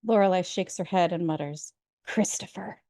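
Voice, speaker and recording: A woman's voice: medium pitch, lively intonation, fairly quick, mellow, no room sound, studio quality. A woman co-hosting a podcast, narrating episode recaps in a wry, chatty way. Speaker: podcast co-host. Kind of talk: casual recap chat.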